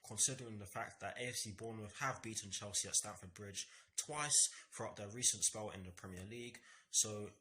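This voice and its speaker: A young man running a football fan channel previews a match in a fairly low, sharp-toned voice. He stays earnest, circling back to the same phrases and stammering at times, with a little hiss or hum in the background.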